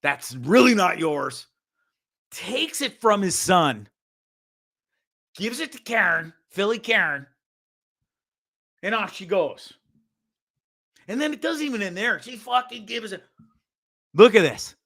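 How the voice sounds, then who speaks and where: A man hosting a show, giving ranting commentary on a video in a profane, sarcastic, animated way. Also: high voice, measured pace, long pauses. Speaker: show host.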